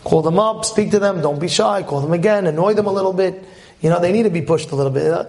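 A man speaking as a rabbi, giving a lively Torah talk with jokes, who acts out little scenes and keeps asking his listeners questions. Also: sits high, fast talker.

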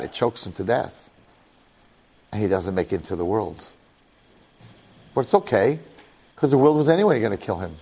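A man giving an animated storytelling Torah lecture, repeating phrases and checking in with the listeners. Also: mid-range voice, slightly rough.

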